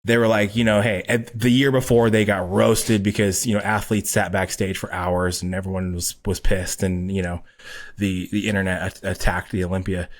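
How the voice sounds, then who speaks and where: A man guest on a podcast, telling a story casually, swearing a lot and acting out quotes loudly. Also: low-pitched, little pitch movement, moderate pace. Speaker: podcast guest, pro bodybuilder.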